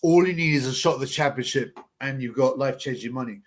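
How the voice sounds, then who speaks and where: A man's voice: medium pitch, quick pace. Man, livestream host, rambling, blunt, slangy. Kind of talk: casual live boxing chat.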